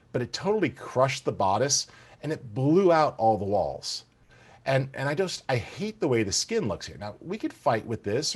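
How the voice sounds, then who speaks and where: A man teaching photo-editing software in an enthusiastic, conversational tutorial, talking straight to the viewers. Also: mid-range voice, slightly rough. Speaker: software instructor. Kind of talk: screen-recorded software tutorial.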